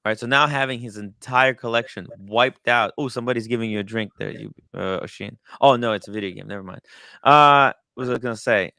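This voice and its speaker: A man's voice: medium pitch, a little fast, gravelly, bright, forceful tone, dry recording, clean studio sound. A man hosting a casual livestream chat about watches, rambling with many fillers and restarts. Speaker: watch podcast host. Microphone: studio mic.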